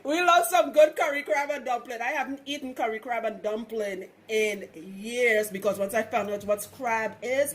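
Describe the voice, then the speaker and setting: A woman from Trinidad who works as a loctician gives frank, chatty hair-care advice in a casual how-to vlog, laughing often. Her voice is a little high, and the recording carries a little hiss or hum.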